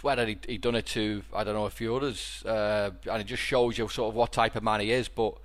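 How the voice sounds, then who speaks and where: A man's voice: on the low side, fairly even intonation, brisk. Liverpudlian man telling a rambling story. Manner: rambling storyteller with many restarts. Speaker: podcast host. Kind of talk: casual chat.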